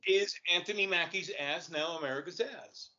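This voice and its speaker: A man's voice: on the high side, moderate pace, bright, forceful tone. A man joining a casual movie chat, joking dryly and stumbling over his restarts. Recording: dull lo-fi recording with faint hiss.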